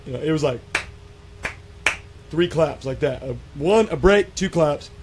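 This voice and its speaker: Male guest, casual storyteller, slightly high voice, animated, faint background noise. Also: a little slow. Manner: animated, acts out quotes, many fillers and restarts. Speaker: guest telling an encounter story. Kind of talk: casual storytelling on a radio show.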